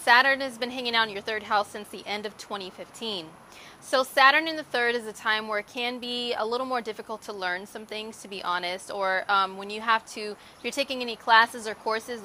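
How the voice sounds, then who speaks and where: A woman's voice: fairly high pitch, sharp tone, a little hiss or hum. A woman astrologer giving a casual horoscope reading in a chatty, candid way, full of "like" and "um".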